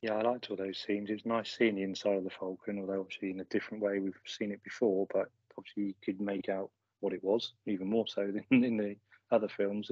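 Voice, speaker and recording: Male co-host, slightly low voice, dry close mic, dull lo-fi recording. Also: a little mellow, breathy edge, no room sound. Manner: laid-back, sweary, laughs often. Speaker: podcast co-host. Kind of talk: casual film review chat.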